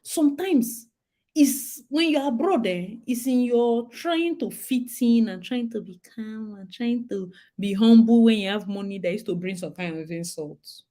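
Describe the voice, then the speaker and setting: A young woman with a Nigerian accent, hosting a casual talk and chatting in a lively way with bits of Pidgin. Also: fairly high pitch, unhurried. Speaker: host. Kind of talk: casual monologue.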